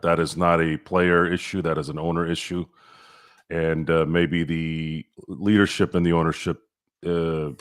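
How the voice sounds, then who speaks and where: A man with an extremely deep, low voice co-hosts a sports podcast. He speaks bluntly and states strong opinions. He drops sarcastic asides into the casual chat. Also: fairly bright tone. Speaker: podcast co-host.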